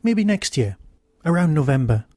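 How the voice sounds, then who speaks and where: A man voicing a weary alien time traveller in a read-aloud story, earnest and pleading, his pitch lifting at times. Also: big pitch swings, normal speed, warm tone, dry recording, clean studio sound.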